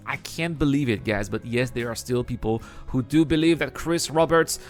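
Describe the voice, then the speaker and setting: A man narrating a countdown list video, measured and explanatory as he makes his case point by point. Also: mid-range voice, soft background music.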